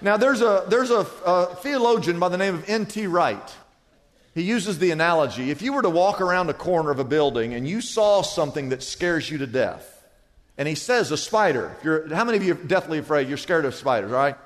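A middle-aged male pastor delivering a sermon with a high-pitched voice. He tells stories with lively storytelling energy. His voice rings out with a long reverb, as in a large church sanctuary. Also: brisk. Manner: storytelling preacher, animated retelling.

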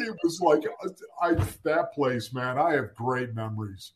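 A man co-hosting a podcast, reminiscing in casual chat. He tells his story in quick bursts and laughs partway through. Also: medium pitch, expressive. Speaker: podcast co-host.

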